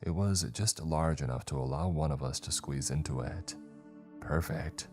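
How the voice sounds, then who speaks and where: A man narrating a first-person horror story in a measured, atmospheric way. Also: extremely low pitch, darkish tone. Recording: faint music underneath.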